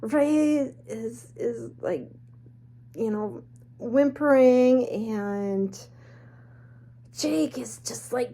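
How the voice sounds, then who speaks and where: A woman telling a spooky personal story in a chatty, animated way with snarky asides. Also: fairly high pitch, slow pace. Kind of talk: casual storytelling.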